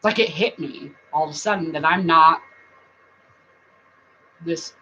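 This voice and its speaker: A woman's voice: low voice, unhurried, sharp tone, slightly rough. Chatty middle-aged woman on a lo-fi live stream. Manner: chatty and rambling, often laughing and breaking into song. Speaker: vlogger hosting a live chat. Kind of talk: casual live-stream chat. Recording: dull lo-fi sound with faint noise.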